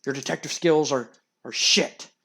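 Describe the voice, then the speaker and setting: A man voicing an angry, shouting male wrestling company owner who hurls insults. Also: mid-range voice, fairly quick, natural voice. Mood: angry, scornful.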